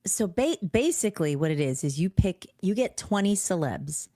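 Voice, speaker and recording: A woman's voice: lowish voice, big pitch swings, normal speed, dark tone, dry recording, studio quality. A woman co-hosting a podcast, chatting casually, giggly and supportive as she explains things plainly. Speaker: podcast co-host. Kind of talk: casual chat.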